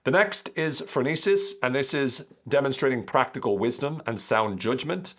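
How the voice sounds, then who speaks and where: A man's voice: medium pitch, lively intonation, moderate pace, a bit bright. Irish man breaking down political speeches. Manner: explanatory, reads quotes aloud then breaks them down. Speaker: podcast host. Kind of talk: analytical commentary.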